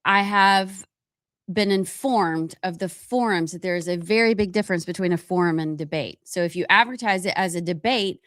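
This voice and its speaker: A woman's voice: fairly low pitch, normal speed, a bit bright, no echo, clean studio sound. A woman co-hosting a casual political talk show, chatty and playful with a self-mocking streak. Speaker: co-host.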